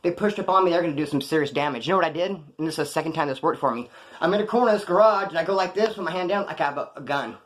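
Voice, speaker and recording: A middle-aged man telling stories casually in street slang, animated, acting out the voices of people he quotes. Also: on the high side, very fast. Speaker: storyteller. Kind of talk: casual storytelling.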